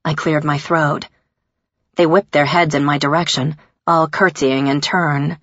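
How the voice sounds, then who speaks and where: Low, husky woman narrating an audiobook. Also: steady tone, measured pace, fairly bright tone, no room sound. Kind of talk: first-person audiobook narration. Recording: dull lo-fi recording.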